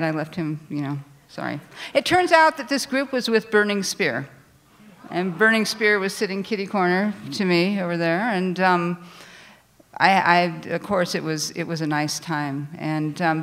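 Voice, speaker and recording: A woman telling a personal story on stage at a live storytelling show, animated and self-deprecating, with frequent restarts. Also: lowish voice. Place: theater stage before a live audience.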